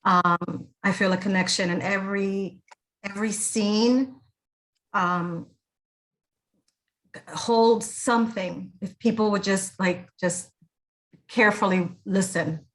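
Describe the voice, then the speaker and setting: A woman's voice: mid-range voice, steady tone, takes it slowly, pauses often. A woman stage actor chatting effusively about her role in a casual interview, laughing easily.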